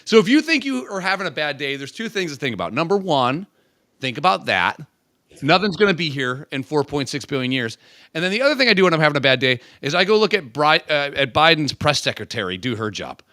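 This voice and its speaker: A man chatting on a podcast, his pitch jumping all over as he rambles and swears. His voice is bright and a bit forceful, and it sits close and dry with no room around it. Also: fast talker, dry recording. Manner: animated, crude, rambling with frequent profanity. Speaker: podcast co-host. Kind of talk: casual podcast chat.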